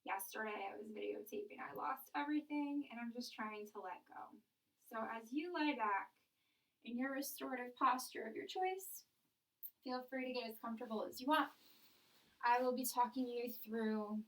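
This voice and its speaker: Young woman yoga teacher, higher voice, gentle guided meditation, a little off mic. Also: far from the mic, poor audio. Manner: soft, slow instructing, sometimes whispered. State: out of breath.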